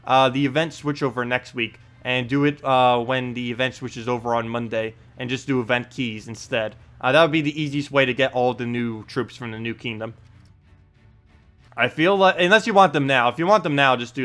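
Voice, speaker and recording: Laid-back male game streamer. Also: medium pitch. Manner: relaxed, thinks aloud, lots of uh and um. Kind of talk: casual live gameplay commentary.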